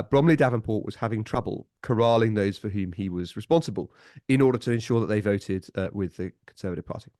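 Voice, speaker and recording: A man guest on a podcast, telling stories in a lively way and chuckling often. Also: on the low side, no echo, studio quality. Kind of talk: casual storytelling chat.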